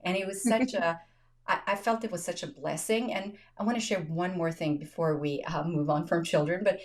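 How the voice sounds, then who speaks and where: A woman's voice: fairly low pitch, a little fast. A woman hosting a podcast, telling personal stories in casual chat, often laughing and voicing quoted dialogue. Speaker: podcast host. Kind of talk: casual conversational storytelling.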